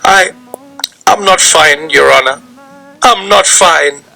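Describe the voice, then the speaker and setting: A frightened young man on trial pleads in a voice that cracks and jumps high, as a man acts him out. The tone is bright and strained, with a gravelly edge, as in an audiobook. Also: slow pace, faint music behind, full character voice, poor audio. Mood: pleading.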